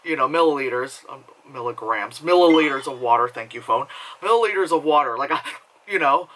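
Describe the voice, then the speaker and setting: Bright, rambling profane man reviewing a movie. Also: on the high side, animated, fairly quick, low-quality recording. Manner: rambling, profane, self-mocking with frequent laughs. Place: home.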